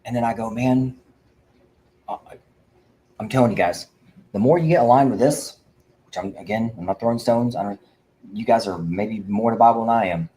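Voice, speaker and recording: Fervent man with a low, mellow voice. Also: normal speed, pauses often, poor audio. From Indiana. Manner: fervent preaching, rambling with restarts. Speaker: veteran advocate host. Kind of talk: livestream talk.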